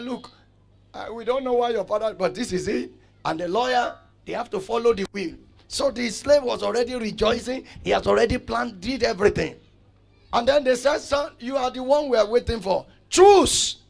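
A man preaching outdoors, telling a story and repeating phrases, going from loud to soft. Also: high voice, creaky. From Nigeria. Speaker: pastor. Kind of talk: street sermon with storytelling. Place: outdoors on a street.

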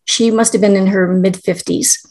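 A woman's voice: medium pitch, fairly even intonation, moderate pace, a little mellow. A middle-aged woman, a guest, telling a personal story in an earnest, emotional way, with restarts.

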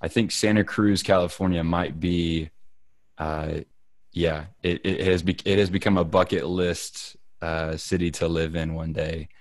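A low-pitched man co-hosting a casual podcast, telling excitable, rambling stories full of ums and uhs. His voice is deep, and the recording is dry and close. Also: unhurried, no echo. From United States. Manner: rambling and excitable, many fillers. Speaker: podcast co-host.

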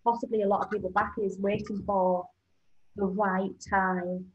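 A woman hosting a casual interview, reflecting on what her guest said and agreeing in quick remarks. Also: medium pitch, level tone, muffled recording. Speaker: host.

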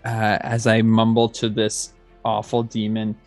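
A man playing a tabletop game, describing his character's moves in a hesitant, halting way with repeated words. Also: fairly low pitch, completely flat delivery, a little mellow, faint music behind. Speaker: player. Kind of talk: tabletop role-play.

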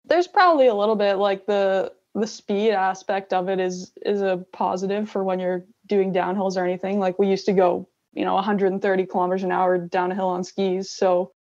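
Casting note: young female athlete, gravelly fry, relaxed and chatty, dull lo-fi recording. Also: medium pitch, moderate pace. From Canada. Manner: relaxed, many fillers like "like" and "you know". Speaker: interview guest, gravel cyclist. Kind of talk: casual interview chat. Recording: dull lo-fi sound.

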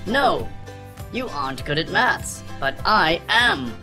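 A woman's voice: lowish voice, sing-song, slow, sharp tone, full character voice. A woman voicing a boastful student arguing with a friend in a recorded textbook dialogue, with faint music behind.

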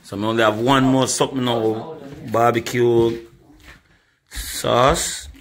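A man's voice: mid-range voice, steady tone, takes it slowly, rough recording. A man demonstrating home cooking, chatting to his viewers and calling them "my people" throughout. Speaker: cooking vlogger. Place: home kitchen.

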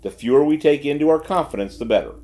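A man's voice: on the high side, expressive, quick pace, dark tone. A man voicing a sarcastic, stern detective chief giving orders in a dry, businesslike way.

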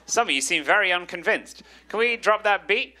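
A man's voice: sits high, expressive, moderate pace, bright, forceful tone. A young English man doing stand-up crowd work, teasing and self-mocking, then freestyle rapping on a club stage. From England. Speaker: stand-up comedian. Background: music under the rap.

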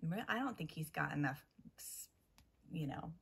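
A woman's voice: deep voice, lively intonation, normal speed, gravelly, a bit bright, husky. An American woman co-hosting a casual chat, playful, laid-back and teasingly contrary. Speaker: podcast co-host.

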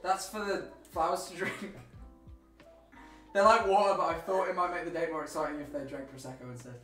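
A man's voice: on the high side, fairly even intonation, fairly quick, fairly bright tone, roomy sound, faint music behind. Joking young man with Birmingham twang. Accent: Birmingham-tinged English. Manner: joking, self-mocking. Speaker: streamer on a live date. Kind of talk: casual live-stream chat.

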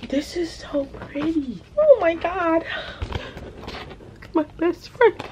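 A woman in her twenties talking casually to her phone camera in a birthday vlog, chatty and excitable, with dull phone audio and faint hiss. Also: extremely high pitch, very slow, long pauses. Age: 20s. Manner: chatty, excitable, tearful over gifts. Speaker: vlogger.

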